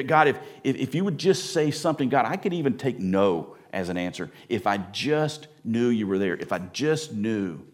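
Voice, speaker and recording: A pastor preaching a sermon to his congregation in a church, emphatic and building his points by repeating phrases. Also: lowish voice.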